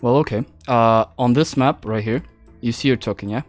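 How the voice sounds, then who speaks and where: Deep-voiced, laughing woman game master. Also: normal speed, darkish tone, faint music behind. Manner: laughs often while narrating. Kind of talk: narrating a tabletop game.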